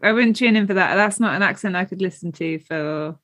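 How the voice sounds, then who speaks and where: A woman's voice: medium pitch, a little fast, fairly bright tone. A woman from the UK with a British accent, co-hosting a podcast in a chatty, teasing casual conversation. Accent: British English. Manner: chatty, teasing, laughs often, says "like" and "um" a lot. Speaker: podcast co-host. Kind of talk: casual chat.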